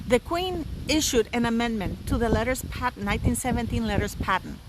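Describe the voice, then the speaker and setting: A woman's voice: on the high side, a little fast, very noisy. A woman in her fifties hosting a solo commentary channel, talking in an emphatic, indignant way and repeating words for stress. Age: 50s.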